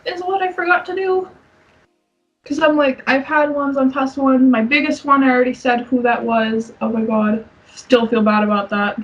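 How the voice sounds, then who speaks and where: Co-hosting a laid-back podcast, a young woman with a fairly high voice gushes and giggles, letting out squeals when she imitates her younger self. The audio sounds distant, with faint music and cut-off highs.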